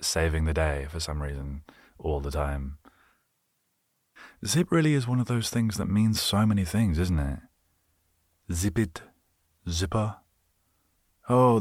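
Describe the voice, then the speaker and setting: A man's voice: low-pitched, no echo, studio quality. A man hosting a solo podcast, rambling through self-mocking jokes and asides. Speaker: podcast host.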